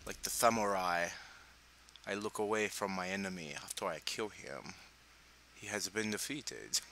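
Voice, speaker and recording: A man's voice: low voice, unhurried, vocal fry, bright, forceful tone, a little hiss or hum, low-quality recording. A young man giving casual gameplay commentary, chatty and laughing, with playful sarcastic asides.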